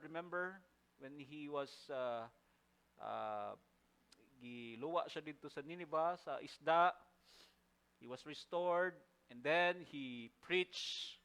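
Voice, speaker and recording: Filipino-accented male church elder, sermon delivery, slightly high, deliberate pace, keeps repeating key points. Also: fairly bright tone, clean tone. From Philippines. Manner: emphatic, repeats key phrases, rhetorical questions.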